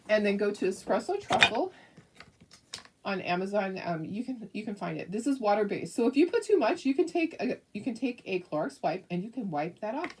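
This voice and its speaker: A woman's voice: medium pitch, lively intonation, brisk, far from the mic, a little hiss or hum. A middle-aged woman hosting a casual live craft tutorial, chatty and rambling, with lots of fillers and frequent laughs. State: hiccups.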